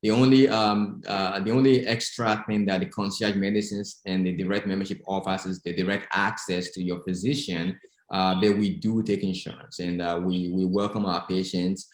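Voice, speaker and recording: A man's voice: low voice, level tone, moderate pace, roomy sound. A young adult man with a Nigerian accent, a physician talking as a guest in a casual interview, hesitant with many fillers.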